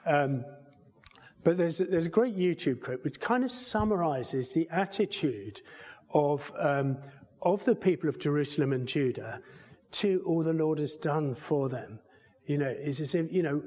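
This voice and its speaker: A man with a somewhat high voice preaches in an easy, conversational way, often repeating himself and posing rhetorical questions. He speaks in a church, and his voice trails off in a long reverb. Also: lively intonation, normal speed, mellow. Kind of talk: sermon.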